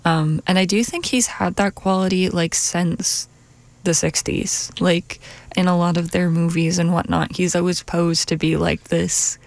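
A young co-host with a gravelly, creaky voice chats playfully on college radio, laughing often and thinking aloud. The sound is dry and close on a studio microphone. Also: medium pitch, fairly even intonation, unhurried, no echo. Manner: playful, giggly, thoughtful. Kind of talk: casual radio chat.

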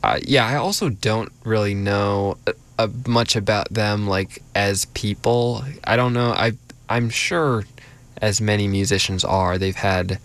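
A young man with a fairly low voice hosts a college radio show. He talks in an easygoing, rambling way, full of ums and likes, as he introduces the next song. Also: fairly even intonation, a little slow, a bit bright, dry recording. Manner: easygoing, rambling, filler-heavy. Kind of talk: casual radio chat.

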